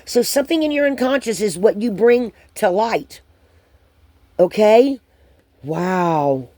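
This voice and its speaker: Mellow warm-voiced woman doing a card reading for viewers, lots of ums, dry close mic. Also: medium pitch, animated, slow pace, no room sound. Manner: hesitant, rambling, many ums and restarts. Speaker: spiritual card reader.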